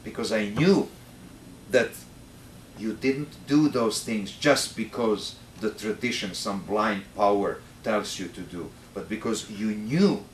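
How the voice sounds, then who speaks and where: Serbian-accented priest, echoey and distant. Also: male voice, lowish voice, takes it slowly, a little hiss or hum. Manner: animated, acts out dialogue in the story. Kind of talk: retreat talk, storytelling. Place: retreat center hall. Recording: roomy, distant mic in a hall.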